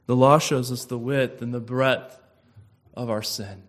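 A man preaching a sermon slowly and emphatically, building to loud, impassioned peaks. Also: mid-range voice, steady tone.

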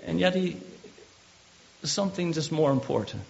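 Male pastor, gravelly voice, animated sermon delivery with repeated words, dull lo-fi recording. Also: on the high side, normal speed.

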